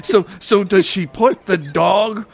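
Speaking slowly in a high-pitched voice, a man recounts a funny travel story in casual conversation. He's animated, laughs a lot, and keeps restarting his sentences.

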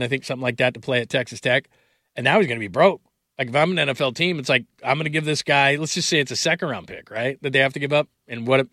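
A man's voice: medium pitch, sharp tone, no echo, clean studio sound. A man, hosting a sports call-in radio show in an emphatic, conversational way. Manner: conversational and emphatic, with frequent fillers. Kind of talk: opinionated call-in radio monologue.

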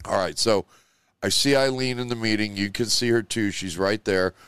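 A man hosts his show in a loose, emotional ramble, his words padded with "you know" and "like." His voice sits on the low side. The sound is dry, with no room around it. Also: normal speed, fairly bright tone, smooth, no room sound. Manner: emotional, rambling, heavy on 'you know' and 'like'. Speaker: show host. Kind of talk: rambling live show monologue.

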